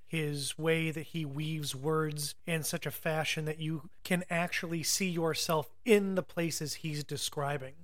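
A man hosts a podcast, welcoming his guest with enthusiasm and a folksy y'all. His voice sits a little above the usual male pitch. His delivery is eager and friendly. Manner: warm, enthusiastic introductions, fond of y'all. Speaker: podcast host. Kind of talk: podcast intro and interview.

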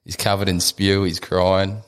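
Laid-back Australian bloke, low voice. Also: male voice, level tone, measured pace, smooth. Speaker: podcast guest. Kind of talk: casual chat and joke telling.

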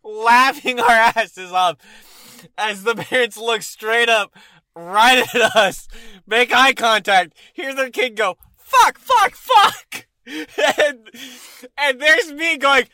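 A man's voice: very high voice, slow pace, dry recording, clean studio sound. A man in his twenties from Texas, telling a story in a casual podcast chat, laughing often and acting out the voices in it. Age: 20s. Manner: laughing, animated storyteller who acts out voices. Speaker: podcast co-host. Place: in a car.

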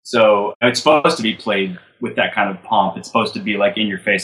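A man's voice: on the low side, steady tone, brisk, fairly bright tone, poor audio. Man laughing easily while explaining songs. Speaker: band member. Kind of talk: casual chat.

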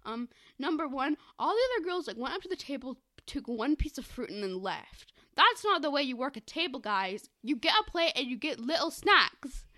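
A young woman co-hosting a podcast, chatting casually and rambling with lots of fillers and quick laughs. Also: sits high, sing-song, pushed and bright. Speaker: podcast co-host.

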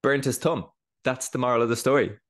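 A man co-hosting a casual podcast, telling stories in a relaxed way with wry humour. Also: medium pitch, fairly quick. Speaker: podcast co-host.

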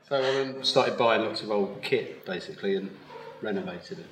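This man owns a wool mill and describes what he does, easygoing and laughing often, in a lowish, slightly bright voice at normal speed. It's a live podcast interview at a yarn festival, captured in a roomy recording with faint noise.

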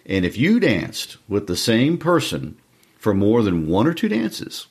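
Low, husky-voiced male podcast co-host. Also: wildly swooping pitch, a little slow. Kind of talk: casual book discussion.

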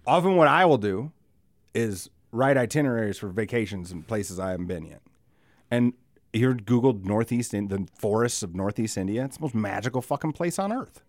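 A man chatting on a podcast with a lively, swooping delivery and a dry, close sound. He rambles freely, swears often and laughs at his own stories. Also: on the low side, normal speed, no echo. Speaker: podcast co-host. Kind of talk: casual chat.

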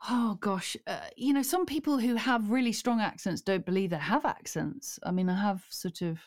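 A woman's voice: medium pitch, normal speed, darkish tone, dry recording, clean studio sound. A middle-aged woman chatting as a guest, rambling with lots of fillers. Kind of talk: casual chat.

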